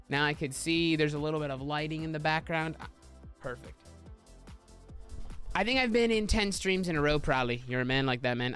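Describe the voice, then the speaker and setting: A young man streaming a game from a small room at home, chatting casually, joking and swearing with sudden excited yelps. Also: faint music behind. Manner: animated and joking, swearing, quick pitch jumps into excited yelps. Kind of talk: casual livestream chatter while playing.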